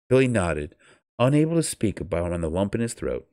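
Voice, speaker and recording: A man reading a novel aloud on a stream, then chatting casually in an animated, joking way and swearing freely. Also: low voice, moderate pace, dry recording, studio quality. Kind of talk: storybook reading and casual chat.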